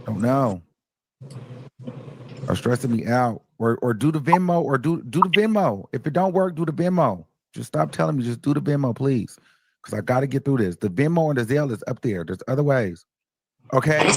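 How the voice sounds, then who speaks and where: A man hosting a casual live stream, recapping a court case with animated storytelling and acting out quotes, chatting with his viewers. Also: medium pitch, normal speed, creaky, breathy edge, dry recording. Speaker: host of a live commentary stream.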